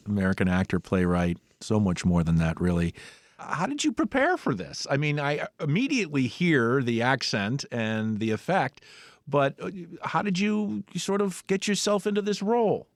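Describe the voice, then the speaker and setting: Animated public radio host. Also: male voice, mid-range voice, normal speed, no echo, clean studio sound. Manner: animated, musing questions.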